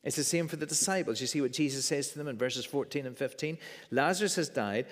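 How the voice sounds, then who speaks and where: A man's voice: mid-range voice, fast. A man preaching a sermon in an earnest way, often repeating words as he stresses his points. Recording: long reverb of a church hall.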